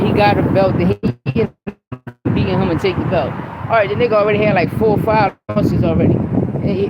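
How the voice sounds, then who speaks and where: A man's voice: high voice, heavy background noise. A man hosting a podcast, talking about boxing in a blunt, profane, heated way. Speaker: podcast host. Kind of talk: casual opinionated sports talk.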